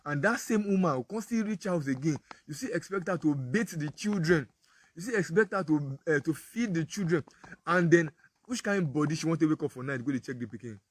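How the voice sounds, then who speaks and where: Husky Nigerian man telling a story. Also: fairly high pitch, expressive, brisk. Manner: storytelling, acts out dialogue. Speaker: apostle speaking on parenting. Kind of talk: casual Pidgin sermon talk.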